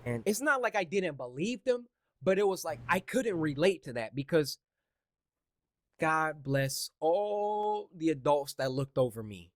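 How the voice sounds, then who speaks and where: Grateful reflective man, higher pitch, close dry recording. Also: animated, no room sound. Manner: thoughtful, grateful, slows down on key phrases. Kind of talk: reflective personal talk.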